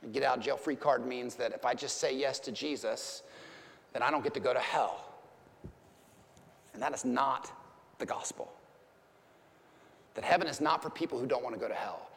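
A man, preaching a sermon as a pastor, swinging from loud impassioned peaks to hushed emphasis. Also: mid-range voice, vocal fry. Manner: impassioned, rising to near-shouts and dropping to hushed emphasis. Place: church sanctuary. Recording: long church reverb.

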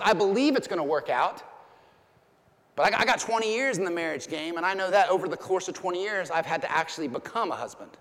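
Man, 40s, pastor, impassioned sermon, high-ish voice, long church reverb. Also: lively intonation, brisk. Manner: impassioned, rising to near-shouts and dropping to hushed emphasis. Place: church sanctuary.

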